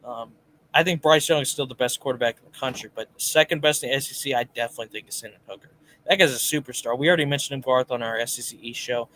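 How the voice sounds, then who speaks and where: A podcast co-host on a casual live sports talk show reads out viewer comments and shares his picks in a chatty manner. His medium-pitched voice is a bit bright, with slight background noise.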